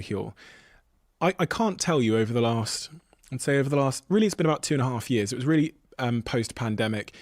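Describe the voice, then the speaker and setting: A man's voice: mid-range voice, no room sound, studio quality. A man hosting a podcast, doing an earnest, personal sponsor read and then asking his guest questions. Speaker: podcast host. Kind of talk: host reads and interview questions.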